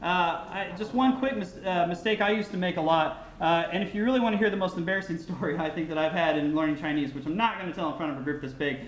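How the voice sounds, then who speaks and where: A man's voice: high-pitched, fast, hardly any pauses, reverberant. An American man giving a casual, anecdote-filled keynote speech at a conference, often restarting sentences and using fillers. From United States. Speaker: keynote speaker. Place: large conference hall.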